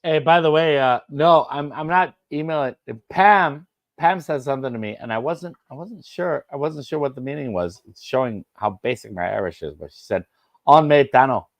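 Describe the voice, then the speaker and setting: Excitable man cheering the score. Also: medium pitch, moderate pace, hardly any pauses, no room sound. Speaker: livestream co-host. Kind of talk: casual football watchalong banter.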